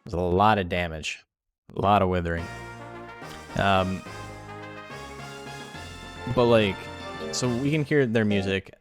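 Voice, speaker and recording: Young man, low voice, profane, rambling stream commentary, faint music behind. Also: slow pace, pauses often. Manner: profane, rambling, chatty asides. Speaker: streamer hosting a game tournament. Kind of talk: casual live-stream commentary.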